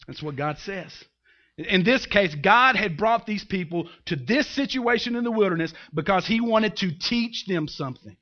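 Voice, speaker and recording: A man's voice: high-pitched, animated, moderate pace, lo-fi sound. A man preaching a sermon as pastor, telling the story with humor and acting out the characters.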